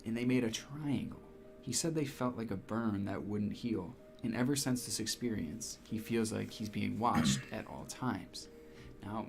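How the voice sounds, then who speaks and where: A man's voice: medium pitch, vocal fry, a little mellow, a little hiss or hum. A man hosting a stream, reading spooky accounts aloud in a dramatic way and breaking off to react to them. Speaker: stream host.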